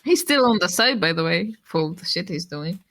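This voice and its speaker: Woman, casual chat, animated storytelling, acts out quotes, laughing, swearing. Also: on the low side, brisk. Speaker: former e-pal guest.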